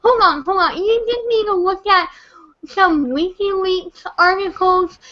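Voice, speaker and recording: A woman's voice: extremely high pitch, measured pace, muffled recording. A young woman, drunk and close to tears, ranting in an online chat room, stammering, repeating herself and swearing. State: tearful, on the edge of crying. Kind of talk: emotional rant.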